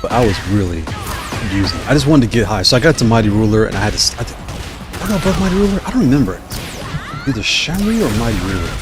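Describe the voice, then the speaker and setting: A man's voice: medium pitch, big pitch swings, very fast, over music. A tired man streaming a fighting game and chatting as he reacts aloud to each round. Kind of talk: live gameplay commentary.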